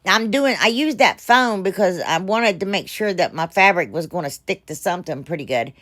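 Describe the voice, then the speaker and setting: A woman's voice: medium pitch, lively intonation, normal speed, fairly bright tone. Rambling, self-mocking craft woman. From United States. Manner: rambling, self-deprecating, chatty with fillers. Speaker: craft channel host. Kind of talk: casual crafting voice-over.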